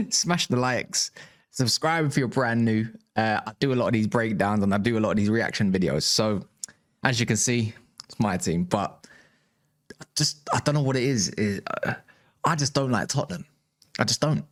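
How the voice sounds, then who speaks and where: A man's voice: fairly low pitch, normal speed. A man who makes football reaction videos, chatting casually and chuckling with amusement.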